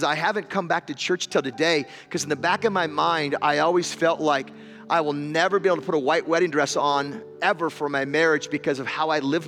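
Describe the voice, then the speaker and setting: Man preaching a sermon over soft music. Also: fairly high pitch. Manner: storytelling, repeats words, builds to loud emotional climax. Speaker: pastor. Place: church hall with an audience.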